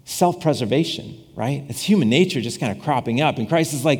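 A man's voice: mid-range voice, expressive, fairly quick, hardly any pauses, darkish tone, slightly rough. A man preaching a casual, conversational sermon, often repeating and restarting his phrases and acting out quoted voices with humor. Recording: long hall reverb.

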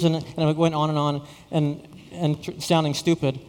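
A middle-aged male pastor from Saskatchewan tells a story in a sermon, stumbling and repeating his words with self-deprecating humor. His voice sits a bit high for a man. It rings with the long reverb of a big hall. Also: flat delivery, normal speed, few pauses, a little mellow, clear, resonant tone. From Saskatchewan, Canada.

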